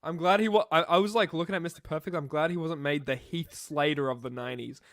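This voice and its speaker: Young guy cohosting a podcast, swears a lot, rambly jokey chat, voice a bit high. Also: fast talker, a bit bright. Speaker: podcast co-host. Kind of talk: casual wrestling review chat.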